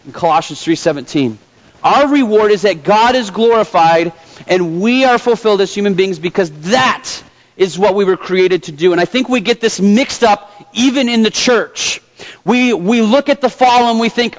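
A man's voice: high voice, animated, unhurried. A man preaching a sermon in a conversational, storytelling manner, with fillers. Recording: dull lo-fi sound.

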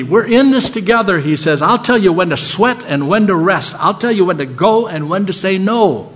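A man's voice: moderate pace, few pauses. Older male preacher telling stories. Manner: storytelling, swinging from animated to soft and low. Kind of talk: sermon. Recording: dull lo-fi sound.

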